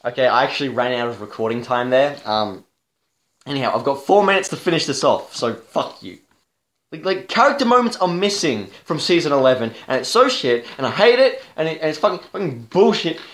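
A young man ranting through a profane, halting review of a TV show, with lots of restarts. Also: medium pitch, expressive, fairly bright tone. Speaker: vlogger. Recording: echoey room.

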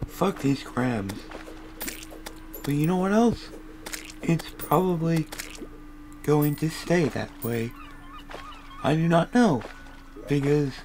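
Young male gaming commentator, gravelly, unhurried, goofy deadpan rambler, game music faint underneath. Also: a little high, rough recording. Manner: goofy, random tangents, deadpan asides. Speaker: gaming video creator. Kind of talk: rambling comic gameplay commentary.

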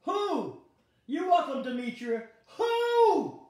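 A woman's voice: very high-pitched, big pitch swings, takes it slowly, darkish tone. Exuberant woman pastor preaching. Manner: exuberant, laughing, calls out congregants by name. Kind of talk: call-and-response online Bible study teaching. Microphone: device streaming to viewers online. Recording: very echoey, heard from a distance.

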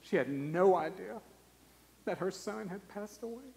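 A man, preaching a sermon and telling a personal story, his voice swinging from hushed to loud. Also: high-pitched, animated, measured pace, creaky. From South Carolina. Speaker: guest preacher. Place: church sanctuary. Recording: long church reverb.

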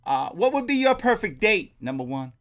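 A man's voice: high-pitched, big pitch swings, moderate pace, a bit bright. A man playing a playful bachelor quizzing contestants on a dating game show in a comedy sketch. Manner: playful, teasing host-like delivery.

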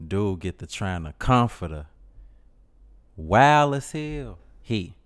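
A man's voice: fairly low pitch, takes it slowly. A man with a Chicago accent telling a comedic story in slang, jumping into voices. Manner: slangy, animated, switching into voices. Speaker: comedy skit narrator.

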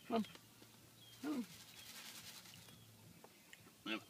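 A man's voice: fairly high pitch, wildly swooping pitch, normal speed, vocal fry. A man at an outdoor ranch, chatting casually and coaxing animals in baby talk. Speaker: vlogger at a ranch. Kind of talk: casual chat while feeding animals. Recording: noisy outdoor recording.

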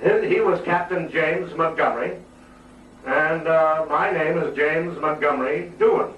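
A man's voice: on the high side, a little slow, lo-fi sound. An older man, an actor, telling rambling stories to fans with many fillers and chuckles. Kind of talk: anecdotal stage talk. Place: large hall before an audience. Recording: echoey hall, distant mic, audience noise.

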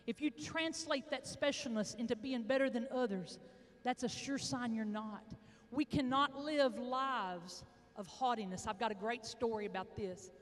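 A middle-aged woman with an Arkansas accent giving a motivational speech, telling folksy stories with dramatic pauses. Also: on the high side. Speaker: motivational speaker. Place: large indoor hall, addressing an audience. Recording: echoey large hall.

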